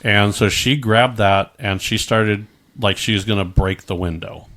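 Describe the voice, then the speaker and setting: Appearing as a podcast guest, a man with a fairly low, fairly bright voice tells a personal story a little slowly. His casual account is full of restarted sentences and quoted back-and-forth.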